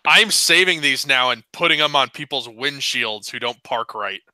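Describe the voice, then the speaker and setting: A man's voice: medium pitch, expressive, normal speed, bright, forceful tone, no room sound. A man co-hosting a casual podcast, joking and laughing with his friends. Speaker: podcast co-host. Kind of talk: casual chat.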